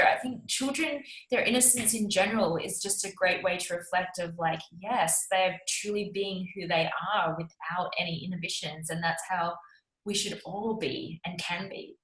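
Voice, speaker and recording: A woman's voice: fairly low pitch, normal speed, fairly bright tone, roomy sound, poor audio. A woman hosting an interview, reacting with effusive enthusiasm. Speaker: interview host. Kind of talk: casual interview chat.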